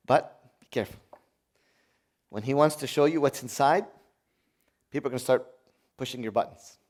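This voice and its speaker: A man, a priest, preaching a sermon in a conversational way, asking the audience questions and swinging from hushed prayer to loud exclamation. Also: a little high, expressive, normal speed, pauses often.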